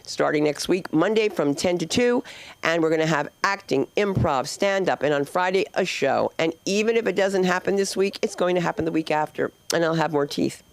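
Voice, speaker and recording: A woman's voice: lowish voice, normal speed, vocal fry. Brash rambling woman hosting a comedy night. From New Jersey. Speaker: comedy club host. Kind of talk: live stand-up hosting, chatting with the crowd. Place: comedy club stage.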